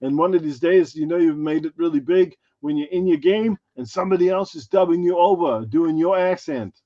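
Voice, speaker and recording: A man's voice: on the high side, fairly quick, dark tone, close to an everyday voice. A man putting on a crude, boastful impression of a famous action-film star, with a mock heavy accent, on a lo-fi stream recording.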